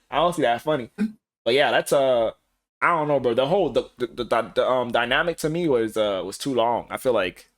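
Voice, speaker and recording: Animated man chatting on a podcast. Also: mid-range voice, normal speed. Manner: animated storytelling, acting out quoted voices. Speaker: podcast co-host. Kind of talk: casual podcast chat.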